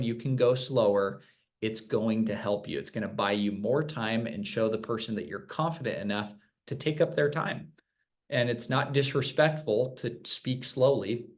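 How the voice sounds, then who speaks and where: A man teaching new sales reps in a casual virtual training session, explaining points with examples. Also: mid-range voice. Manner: conversational, explains with examples and acted-out quotes.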